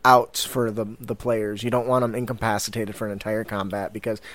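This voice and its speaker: A man co-hosting a podcast, giving tabletop game advice in a relaxed, profane, joking way. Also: lowish voice, fairly quick, no room sound. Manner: relaxed, profane, laughs easily. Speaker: podcast co-host. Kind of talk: casual tabletop advice chat.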